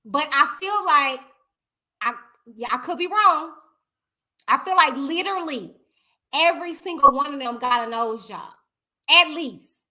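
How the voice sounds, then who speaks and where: Chatty high-voiced woman hosting a live stream. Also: measured pace, long pauses. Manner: chatty, animated, addresses viewers directly as y'all. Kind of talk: casual live stream chat reacting to viewers.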